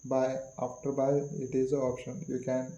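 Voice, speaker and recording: A man with an Indian English accent teaching English grammar, speaking slowly, repeating words and phrases, with many fillers. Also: medium pitch, completely flat delivery, dark tone, lo-fi sound. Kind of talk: slow classroom explanation. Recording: echoey room.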